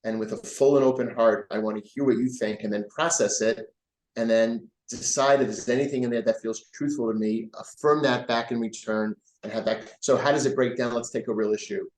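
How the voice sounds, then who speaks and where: A man, a rabbi, answering interview questions earnestly and growing animated as he tells stories. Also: medium pitch, a little fast. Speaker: rabbi guest. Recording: roomy echo.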